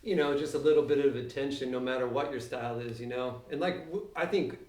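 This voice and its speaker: A man co-hosting a podcast in relaxed, chatty casual talk. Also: mid-range voice, fast. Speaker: podcast co-host. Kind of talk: casual chat. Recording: echoey, distant from the mic.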